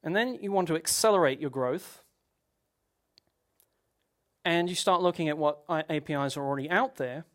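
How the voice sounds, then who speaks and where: A man's voice: fairly high pitch, normal speed, long pauses. Man giving a technical conference talk. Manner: explanatory, with frequent restarts and rhetorical questions. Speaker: conference speaker.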